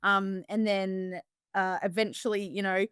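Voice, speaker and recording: A woman's voice: mid-range voice, flat delivery, a little slow, fairly bright tone, smooth, no room sound, clean studio sound. Blunt, swearing young Australian woman. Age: 20s. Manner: blunt, swears freely, acts out others' voices. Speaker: guest farmer. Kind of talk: casual podcast chat.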